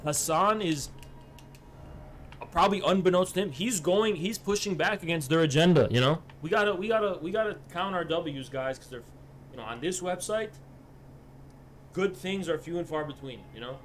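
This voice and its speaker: A man's voice: fairly high pitch, moderate pace, slight background noise. A man streaming live, talking casually and ranting in a heated, profane way.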